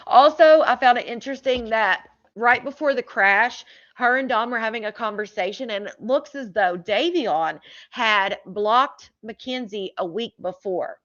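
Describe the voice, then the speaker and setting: A woman's voice: a little high, fairly bright tone. Chatty woman commentator, dull lo-fi audio. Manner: chatty, with frequent fillers. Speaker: true crime commentator. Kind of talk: casual commentary, reading text messages aloud.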